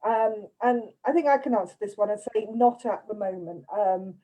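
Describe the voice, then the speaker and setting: A woman from the UK, a literary agent reading out audience questions and answering some herself in a relaxed way. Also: mid-range voice, moderate pace, low-quality recording. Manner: warm, relaxed, reads out questions with fillers. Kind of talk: casual chat.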